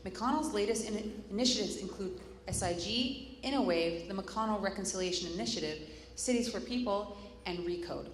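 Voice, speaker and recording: A woman's voice: medium pitch, normal speed. A woman moderating a live conference panel, introducing the speakers in a chatty way with joking asides and stumbles over names. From Canada. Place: conference hall. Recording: echoey hall, faint room noise.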